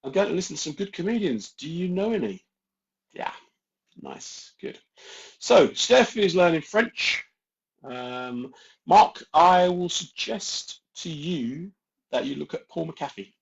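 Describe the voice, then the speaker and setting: A man's voice: on the high side, big pitch swings, a little slow, gravelly, dull audio. A man with a London accent hosting a casual live stream from home, joking and greeting viewers by name. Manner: straight-talking, jokey, addresses viewers by name.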